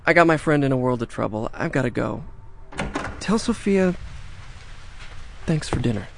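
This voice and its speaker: An actor playing a nervous young hacker who talks fast when pressed. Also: male voice, medium pitch, animated, vocal fry, background noise. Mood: sheepish. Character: nervous young male hacker, anxious and quick. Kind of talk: audio drama acting.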